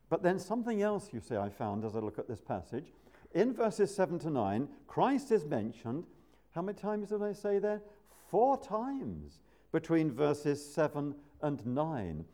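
A man's voice: fairly high pitch, wildly swooping pitch, a little slow, warm tone. An older man preaching a sermon, asking rhetorical questions.

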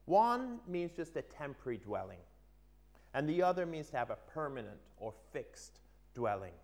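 During a sermon, a man tells an illustration with earnest emphasis, moving between lively stresses and quiet asides. His pitch is fairly high and he speaks at a normal speed.

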